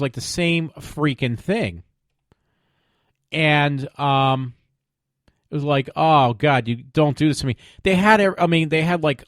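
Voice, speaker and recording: A man's voice: medium pitch, no room sound, studio quality. A man hosting his own web show from home, chatting casually with lots of fillers, rambling asides and sarcastic mock pleading. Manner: rambling, many fillers and trailing off. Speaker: podcast host. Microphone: desk microphone at home.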